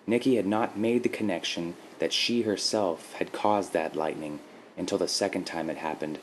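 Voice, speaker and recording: Deep voice guy reading a story, even and steady, faint hiss in the background. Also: normal speed, rough recording. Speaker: podcast host and story reader. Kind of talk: scripted story narration.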